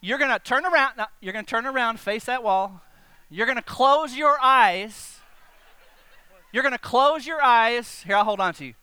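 A man preaching a sermon to his congregation, animated and direct, often asking them questions. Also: extremely high pitch, normal speed, clear, resonant tone, no room sound. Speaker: pastor.

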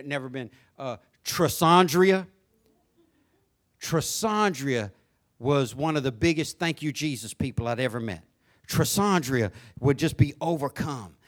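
A man preaches a sermon in church, and his voice sits high for a man. The tone is bright and forceful. He drops to quiet, conversational asides, then climbs into loud, excited praise. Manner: preaching, swinging from soft asides to shouted praise. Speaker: pastor. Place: church sanctuary.

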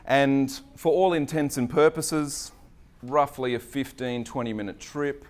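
A man's voice: medium pitch, steady tone, unhurried. A middle-aged man, preaching in a chatty, self-deprecating way and telling a personal story, with many fillers. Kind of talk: storytelling sermon.

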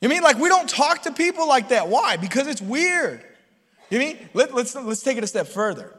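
A man delivers a sermon in a loose, conversational way, stopping to check that his listeners follow. His voice sits very high for a man. The sound rings with the long reverb of a large hall. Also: very animated, normal speed, a bit bright. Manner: conversational, storytelling, asks the crowd often. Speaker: pastor.

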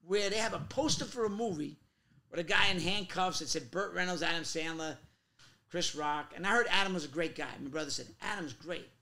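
A man telling animated, profane stories in casual chat, acting out quotes in loud bursts. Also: on the high side, a little fast, vocal fry. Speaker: podcast guest, comic actor.

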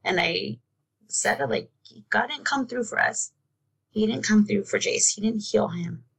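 A woman telling a personal story as an interview guest, halting and repeating herself, saying "like" often. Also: mid-range voice, gravelly, fairly bright tone, slightly rough. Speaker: guest, bereaved mother.

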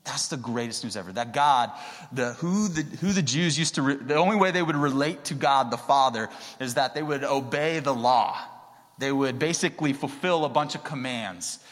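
A young adult man, a pastor, giving a sermon in a relaxed storytelling way that grows more animated at times. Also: medium pitch, normal speed. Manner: conversational storytelling, rising to excited emphasis. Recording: long reverb of a large hall.

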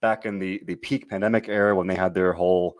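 A man hosting a casual wrestling podcast, talking in an animated, rambling way and often cutting himself off. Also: deep voice, quick pace. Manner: rambling, animated, self-interrupting. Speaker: podcast host. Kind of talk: casual wrestling recap chat.

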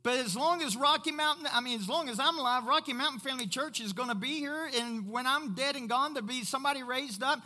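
Emphatic high-voiced pastor, echoing hall. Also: male voice, fast, hardly any pauses, sharp tone. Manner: emphatic, repeats key points. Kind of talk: sermon.

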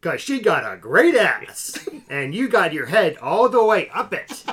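A man doing a playful impression of a gruff male film actor, delivering lines emphatically. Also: high voice, very animated, measured pace, a bit bright, exaggerated voice. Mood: hammy.

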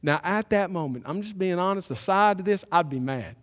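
A man's voice: high voice, lively intonation, fairly quick. Emphatic male preacher in a reverberant hall. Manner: emphatic preaching, builds to loud climaxes. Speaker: pastor. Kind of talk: sermon. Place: church sanctuary.

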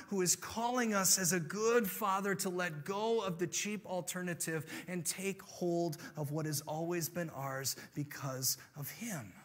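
A male preacher delivers a sermon as an animated storyteller. His voice is high and bright, dropping soft and low for tender moments and rising with force for emphasis. He speaks directly to the congregation.

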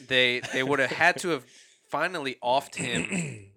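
A man's voice: mid-range voice, a little slow, vocal fry, sharp tone. A man co-hosting a casual chat, rambling and profane with many restarts.

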